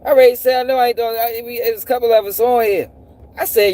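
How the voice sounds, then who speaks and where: Man, high voice, animated live-stream commentary, rhetorical questions. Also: fast. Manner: animated, profane, repeats himself, rhetorical questions. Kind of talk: casual commentary to a live audience.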